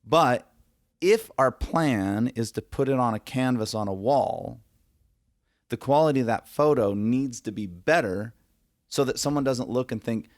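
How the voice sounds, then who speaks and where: A man's voice: medium pitch, measured pace, no room sound, clean studio sound. A man talking as a guest photographer in a casual podcast conversation, emphatic and acting out the reactions he quotes.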